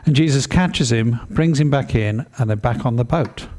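This sermon comes from a man with an ordinary pitch who moves at a moderate pace. He sounds mellow and at ease, keeps things animated and conversational, and often breaks off to question his listeners.

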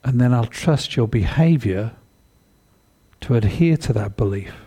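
A man preaching a sermon in a conversational, animated way, often asking his listeners questions. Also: mid-range voice, a little slow, slightly rough.

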